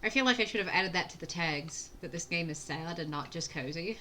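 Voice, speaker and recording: A woman's voice: lowish voice, brisk, pushed and bright, soft background music. A young woman streaming a video game, chatting casually with a chatty, self-deprecating manner and frequent laughs. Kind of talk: casual let's-play chat.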